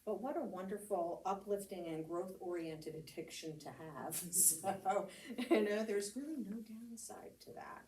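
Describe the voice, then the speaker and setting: A woman's voice: mid-range voice, lively intonation, a little slow, few pauses, a little mellow, a little hiss or hum. A woman reverend with an American accent giving a casual, conversational homily, telling stories with laughs and fillers. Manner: chatty storytelling with laughs and fillers. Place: church meeting hall. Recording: roomy hall, speaker heard from a distance, faint ambience.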